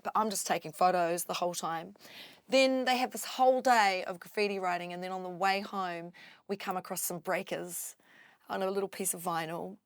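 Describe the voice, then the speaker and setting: New woman, 40s, chatty guest doing all the voices in her stories, mid pitch, dry close sound. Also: normal speed, dry recording. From New Zealand. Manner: animated, acts out quoted voices. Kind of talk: casual storytelling interview.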